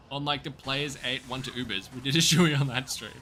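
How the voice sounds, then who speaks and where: A man's voice: medium pitch, brisk, pushed and bright, slight background noise. Upbeat Australian man streaming a game. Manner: upbeat, jokey, chatting to viewers while playing. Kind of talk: casual gaming livestream chat.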